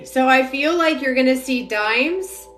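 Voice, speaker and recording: A young adult psychic medium gives a reading on a live stream, rambling with lots of filler words. Her voice is high, a bit bright, and lively in intonation, at a slow pace, and the recording has a roomy echo and faint music behind.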